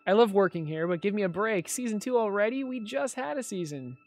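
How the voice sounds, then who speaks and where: A woman's voice: mid-range voice, lively intonation, fairly quick, darkish tone. A woman reading a game's lines as a grumpy, worn-out young woman who complains about her job. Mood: annoyed. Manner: irritated, complaining.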